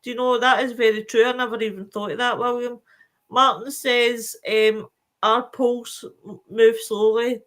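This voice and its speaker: A woman with a somewhat high voice hosts a casual live stream. She sounds tired but stays chatty and animated. She reads viewer comments aloud and fills her pauses with ums. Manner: chatty and animated, with many fillers. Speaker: show host reading viewer comments.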